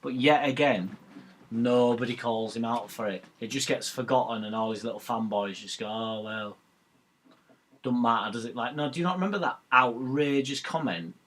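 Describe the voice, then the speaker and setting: A man's voice: medium pitch, a little fast, fairly bright tone. A man hosting a live match watch-along, ranting bluntly about football with swearing and banter. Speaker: fan channel host.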